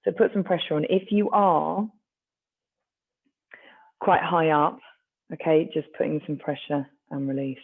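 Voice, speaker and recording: A stretching instructor leads a class in a gentle, encouraging way, with a gravelly edge to the voice. The recording sounds thin and tinny, like a phone line. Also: medium pitch, fairly even intonation, measured pace, pauses often. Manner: gentle, encouraging, with light self-mocking asides.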